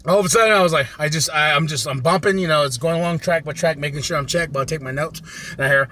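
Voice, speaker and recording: A man reviewing an album in a casual, profane vlog, excitable and prone to loud rants. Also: fairly high pitch, quick pace, a little hiss or hum. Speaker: music review vlogger.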